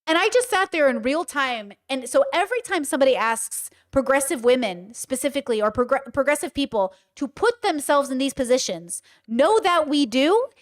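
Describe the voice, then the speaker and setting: Woman with a somewhat high voice for a casual livestream; blunt, animated and emphatic delivery. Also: normal speed, few pauses. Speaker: livestream commentator. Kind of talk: casual livestream storytelling and commentary.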